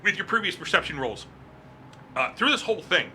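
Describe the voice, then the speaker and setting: A man's voice: high-pitched, very animated, fairly quick, bright, forceful tone, slight background noise. A man narrating a tabletop game as game master, describing scenes casually with frequent fillers.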